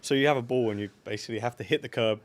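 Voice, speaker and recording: Fast-talking male fighter telling a story. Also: medium pitch. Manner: rapid, rambling, laughs at own story. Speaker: guest fighter. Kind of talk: storytelling in a podcast interview.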